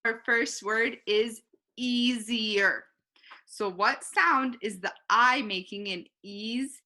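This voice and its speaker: A female teacher gives a recorded online phonics lesson in a bright, forceful, somewhat high voice. She talks slowly and clearly, saying each word twice.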